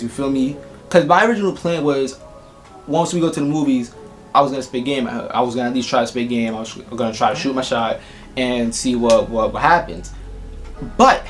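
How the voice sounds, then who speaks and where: A young man tells a storytime on his vlog. He talks at a middle pitch, animated and swearing freely, jumping into the voices of everyone in the story. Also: a little fast, faint music behind. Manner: animated, profane, acts out the people in his story. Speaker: YouTuber.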